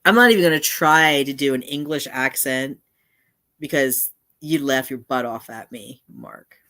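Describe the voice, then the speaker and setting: A woman's voice: rumbling low, measured pace, sharp tone. Chatty, meandering woman streamer. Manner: chatty and meandering, breaking off and circling back mid-thought. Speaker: channel host. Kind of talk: casual live-stream chat.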